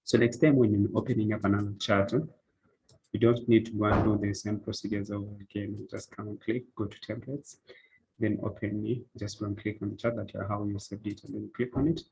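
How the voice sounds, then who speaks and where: Male tutor, low and raspy with vocal fry, plainly walking beginners through a trading platform. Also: flat delivery, brisk, mellow, rough recording. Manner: step-by-step, repetitive "so you come" phrasing with "eh" fillers. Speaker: forex trading instructor. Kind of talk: screen-recorded tutorial walkthrough.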